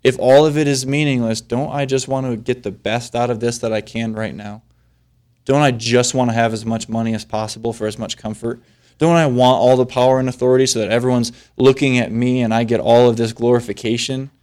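A man's voice: medium pitch, fairly even intonation, fairly quick, darkish tone. Conversational man preaching a sermon. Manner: conversational preaching, rising to emphatic stress. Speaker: pastor.

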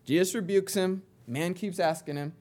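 A male preacher with a somewhat high voice delivers a sermon in a conversational tone. He drops into soft, low asides, then rises into emphatic scripture reading. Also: moderate pace.

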